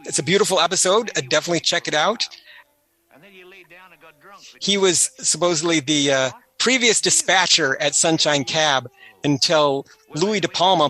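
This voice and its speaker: A chatty man talks through an old movie on a commentary track, swapping trivia and anecdotes in a casual, easygoing way. His voice sits a little high and sounds bright and forward. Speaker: film commentary host.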